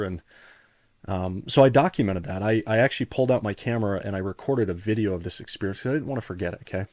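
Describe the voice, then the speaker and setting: A man's voice: fairly low pitch, quick pace, darkish tone, dry recording. A man in his thirties, a podcast guest, telling a personal story in an earnest, reflective way with frequent restarts. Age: 30s. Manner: earnest, reflective, restarts often when moved. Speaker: podcast guest, founder turned CEO coach.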